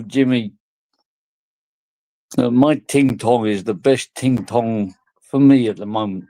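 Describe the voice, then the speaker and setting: A man's voice: medium pitch, slow pace, pauses often, dark tone, no echo. A drunk man, rambling crudely and giggling through a casual vlog chat. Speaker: vlogger.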